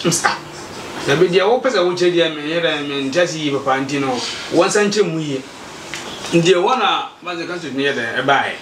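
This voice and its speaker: A man's voice: fairly high pitch, moderate pace, background noise. A Ghanaian man with a Ghanaian accent animatedly recounting events and acting out what people said. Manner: animated storytelling, acts out quoted exchanges. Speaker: community association member. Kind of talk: recounting events, mixing Twi and English. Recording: echoey room, mic far off.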